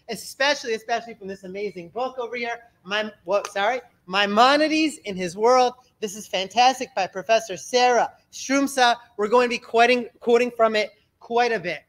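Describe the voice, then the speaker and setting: A man, a rabbi, giving an energetic lecture with slides, telling stories and repeating words for emphasis. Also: extremely high pitch.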